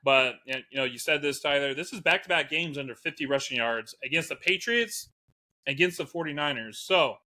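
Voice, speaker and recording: Male co-host, casual sports talk, bright tone, lively delivery. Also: on the high side, brisk. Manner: animated, laughs often, reads out stats. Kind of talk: casual podcast chat.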